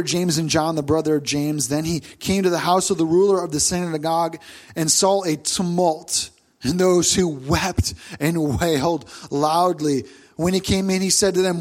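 High-voiced animated male pastor preaching. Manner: animated storytelling, acts out quoted voices loudly. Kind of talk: sermon.

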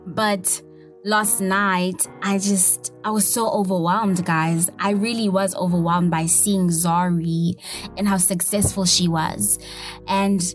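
A young woman hosting her own podcast, talking casually with lively slang and quick asides. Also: on the low side, faint music behind. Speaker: podcast host.

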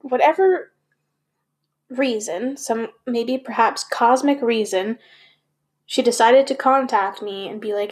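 A woman's voice: fairly high pitch, slow, slightly rough. A woman speaking candidly to her viewers, questioning herself and swearing now and then. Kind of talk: candid personal talk to camera.

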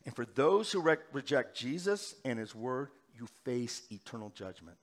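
A male pastor delivering a sermon, moving between loud urgent preaching and quiet, hushed passages. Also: medium pitch, sing-song, normal speed.

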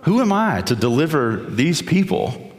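A man's voice: medium pitch, huge pitch swings, measured pace, roomy sound, long reverb tail, pitched above the performer's own voice. A preacher voicing a reluctant male prophet who doubts himself and protests that he cannot do the task. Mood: pleading. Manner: pleading, protesting.

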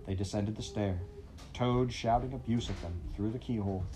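A man reading a classic storybook aloud in a measured, expressive way. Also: lowish voice, background noise. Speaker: audiobook narrator.

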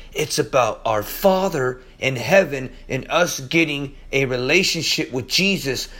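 A man preaching an informal Bible-study sermon, swinging between loud exclamations and low, quiet murmurs.

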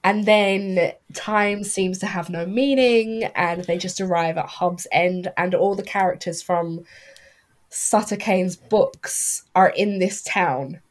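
Chatty woman with a low voice. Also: slow. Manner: chatty, laughs often, many ums. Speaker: podcast co-host. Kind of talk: casual film discussion.

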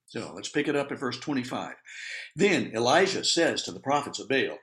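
A man preaches a sermon, reading scripture aloud and pausing to point out the funny side of the story. His pitch sits in the middle of the range but swings widely and expressively. He chuckles his way through the telling in an animated, good-humored manner.

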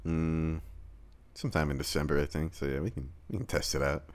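A young man from Tennessee co-hosting a casual podcast, dropping laid-back, low-key remarks and laughing along. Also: little pitch movement, brisk. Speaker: podcast co-host. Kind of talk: casual crude chat.

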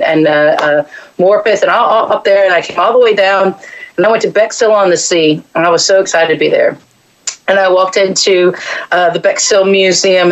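A woman's voice: medium pitch, lo-fi sound. A woman from Texas with a Texan accent, a podcast guest telling rambling, chatty travel stories with many restarts. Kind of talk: casual podcast chat.

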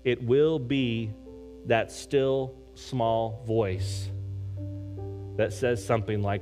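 Male pastor, lively sermon delivery, faint guitar underneath. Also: medium pitch, extremely slow. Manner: animated preaching, swings from shouting to quiet prayer.

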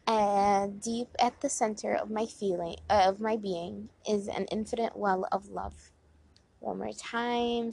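A woman's voice: mid-range voice, gravelly, a little mellow, slightly rough, poor audio. A woman casually talking through positive affirmations on her porch, chatty with many "like" fillers and repeated lines. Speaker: host reading affirmations. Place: outdoors on a porch. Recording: faint wind noise outdoors. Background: wind.

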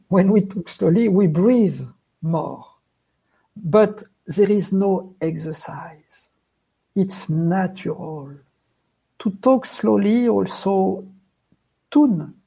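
A man speaking as an author and guest. He talks slowly and quietly, leaves long pauses between words, and uses non-native phrasing. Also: sits high, vocal fry, breathy edge. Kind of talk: slow, soft-spoken explanation.

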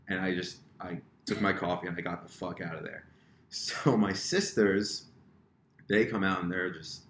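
Self-mocking storytelling man, low voice. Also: fairly even intonation, normal speed, a bit bright. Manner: self-mocking, acts out quoted dialogue. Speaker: podcast guest. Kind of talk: casual storytelling. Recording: roomy echo, faint room noise.

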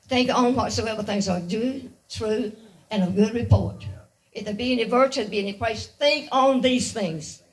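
A woman's voice: on the high side, moderate pace, far from the mic, rough recording. A woman giving a guest sermon, earnest and repetitive, often laughing lightly between her points. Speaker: guest speaker.

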